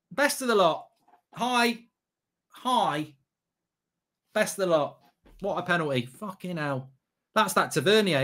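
A man giving excitable, sweary live reaction commentary as a streamer, half talking to himself. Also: high-pitched.

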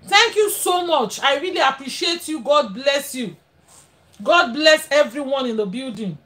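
High-voiced Nigerian woman hosting a live stream. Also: lively intonation, unhurried. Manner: warm blessings, frequent laughter. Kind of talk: casual live stream chat.

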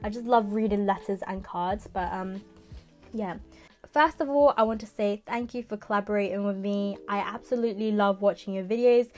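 A young woman, unboxing a parcel in a casual vlog, giddy and excitable with exaggerated reactions. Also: mid-range voice, moderate pace, soft background music. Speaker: manga vlogger.

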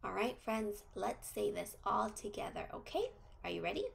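A woman teaching preschoolers, reading a social story slowly in a sing-song, gently encouraging way. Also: medium pitch, animated, creaky. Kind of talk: social story read to young children.

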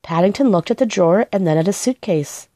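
A woman reading a children's book aloud, in a gentle and expressive storytelling manner. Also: mid-range voice, brisk, dry recording. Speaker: storybook reader.

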